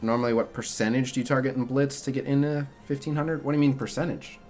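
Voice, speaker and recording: A young man streaming a mobile game answers his chat in a fast, flat, slightly mellow medium-pitched voice, with faint music playing behind him. His casual talk rambles, packed with "like" and "uh."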